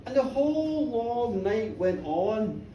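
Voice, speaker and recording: A woman's voice: on the high side, big pitch swings, takes it slowly, mellow, a little hiss or hum. A playful woman tells a darkly funny ghost story to a pub audience, with teasing asides. The mic sits well away, so her voice rings off the room. A faint pub murmur hangs behind her. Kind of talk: live comic horror storytelling. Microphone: room recording from a distance. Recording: echoey pub, heard from far off.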